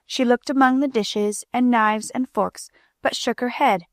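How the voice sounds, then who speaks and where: A woman reading a children's storybook aloud as an audiobook narrator, in a gentle, clear manner, lightly voicing the characters. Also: fairly high pitch, steady tone, measured pace, no room sound, clean studio sound.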